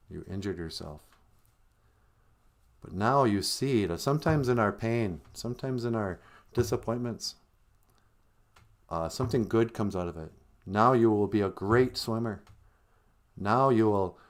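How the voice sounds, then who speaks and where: A man's voice: on the low side, close to an everyday voice. Gitchimanadu, a man as a patient creator spirit. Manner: patient, instructive. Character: wise fatherly male creator spirit, patient.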